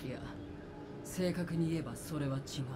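An actress voicing a serious young woman in a Japanese game, telling a story calmly and gravely. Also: low voice, fast talker, background noise, lightly acted. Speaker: game character.

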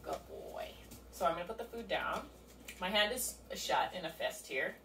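Heavy background noise sits under a woman's lowish, lively voice at a moderate pace. She's a dog trainer casually demonstrating a session at home, explaining each step as she goes, captured with roomy, distant sound and faint ambience.

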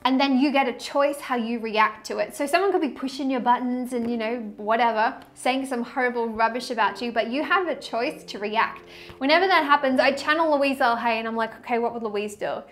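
A woman's voice: fairly high pitch, fairly quick. A woman giving a casual tarot reading to camera, chatty and effusive, often laughing and trailing off mid-sentence. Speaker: tarot reader.

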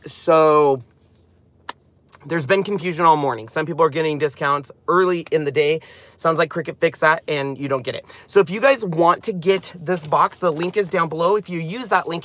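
A man presenting a craft channel, chatting casually and rambling excitedly as he walks through a product. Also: on the high side.

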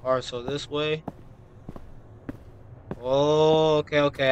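Jumpy young man with a bright voice. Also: unhurried, slight background noise. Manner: jumpy, repeats himself, breaks into high-pitched yelps when scared; casual slang, says "bro". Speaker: gaming streamer. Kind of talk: horror game let's-play commentary.

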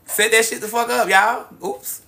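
High, bright man livestreaming. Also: normal speed, vocal fry. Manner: excitable, profane, drawling, calls viewers baby and girl. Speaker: livestream host. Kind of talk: casual livestream chat, reading viewer comments.

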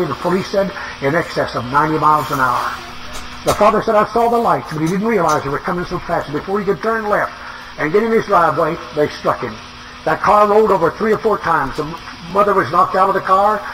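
A preacher delivers a sermon as a dramatic, emotional story. His voice sits high and bright, with a faint noise underneath the archive recording. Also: rough recording. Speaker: evangelist preacher.

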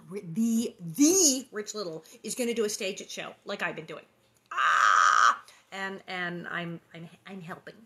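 A woman hosting an online book reading, chatting in a rambling, lively way with lots of fillers and quick laughs. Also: medium pitch. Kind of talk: casual chat between readings.

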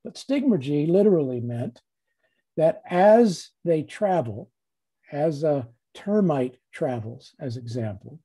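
A man giving a reflective dharma talk in a measured way, repeating phrases and leaving long pauses. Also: a little high, expressive, dark tone, breathy edge.

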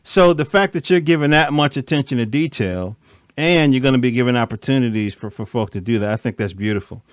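A man's voice: mid-range voice, brisk, no echo, clean studio sound. A man hosting a casual conversation, laid-back and often tagging on "you know what I mean". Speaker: host.

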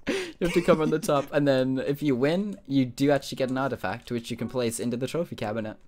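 A man's voice: mid-range voice, lively intonation, fast, a little mellow. A young British man hosting a casual gaming session, teasing his friends and laughing often. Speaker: host.

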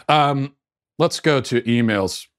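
A man's voice: mid-range voice, slow. Sarcastic male commentary host. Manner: sarcastic, mock-outraged; casual with frequent fillers and restarts. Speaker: podcast host. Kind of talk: conversational commentary and email answering.

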